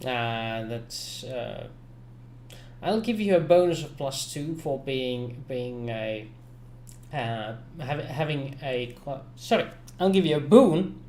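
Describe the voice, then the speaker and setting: A man's voice: medium pitch, a little mellow, slight background noise. A man acting as game master for an online tabletop game, often stopping and restarting his sentences.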